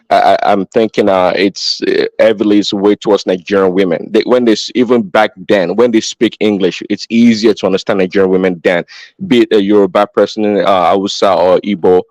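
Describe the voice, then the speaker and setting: A man speaking as a guest in a casual discussion, relaxed and hesitant, with many fillers. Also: on the low side, normal speed, no room sound, poor audio. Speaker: panel guest.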